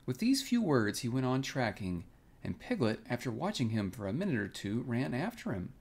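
Male bedtime storyteller, calm and expressive, gravelly texture, lively intonation. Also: mid-range voice, moderate pace. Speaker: storybook reader.

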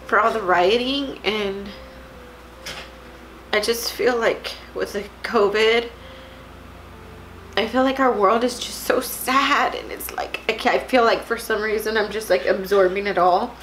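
A woman from Texas in her thirties, vlogging at home in a halting, tearful way, close to crying. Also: mid-range voice, steady tone, slight background noise, rough recording. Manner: tearful, halting, soft-spoken. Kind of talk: emotional personal vlog.

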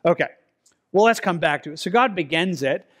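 A man preaching a verse-by-verse sermon in a conversational way, often repeating words and slowing down to read scripture. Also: high-pitched, expressive, fairly bright tone. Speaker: pastor. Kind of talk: expository sermon. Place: church sanctuary.

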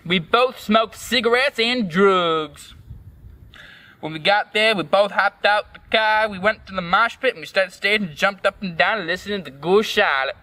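Man, bright sharp voice, comic story reading, first-person narration. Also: high-pitched, normal speed. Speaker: host reading a fan story aloud.

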